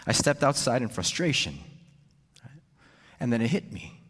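Male pastor giving a sermon, middle-pitched, long church reverb, repeats himself and asks "right?". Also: big pitch swings, moderate pace, a bit bright, breathy edge. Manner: repeats words and adds "right?" to sentences.

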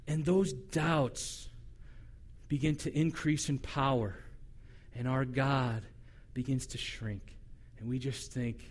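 A male pastor preaching a sermon in a conversational, humorous way, animated and acting out the voices he quotes. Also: medium pitch, slow pace.

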